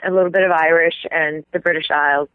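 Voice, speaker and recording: A woman from the American South, a stage actress chatting casually as an interview guest, animated and quick to slip into little accent demonstrations. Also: sits low, no echo. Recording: tinny phone-like dry sound.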